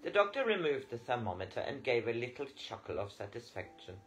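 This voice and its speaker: A man reading a novel aloud as an audiobook narrator, with lively storytelling. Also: mid-range voice, brisk, hardly any pauses, rough recording. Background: faint guitar music.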